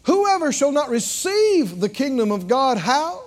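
A man preaching a sermon, drawing answers from his congregation and rising to shouts. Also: very high voice, big pitch swings, a little slow.

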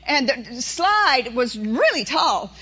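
A woman preaches in a very high, bright voice. She tells homespun stories and acts out inner voices as she makes her points. The recording is dull and lo-fi. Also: sing-song, takes it slowly, husky. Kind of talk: sermon.

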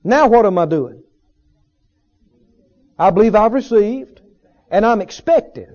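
High-voiced preacher with a mellow tone. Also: male voice, animated, a little slow, dull audio. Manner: earnest teaching with repetition and rhetorical questions. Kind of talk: sermon. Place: church service with a congregation.

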